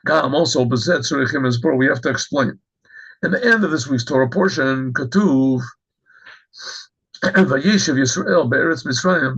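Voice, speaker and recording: A man, a rabbi, giving a Torah class, reading Hebrew phrases and translating them, often clearing his throat. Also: on the high side, a bit bright, dull audio. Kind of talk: Torah class explaining a text.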